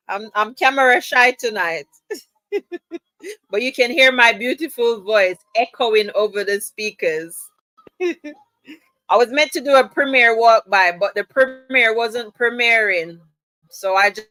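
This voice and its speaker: A woman with a higher, bright voice hosts a live chat, talking slowly and teasing her viewers as she reads their comments. She laughs often and keeps it chatty. The sound is close and dry. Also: no echo, low-quality recording. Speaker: livestream host. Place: at home, camera off.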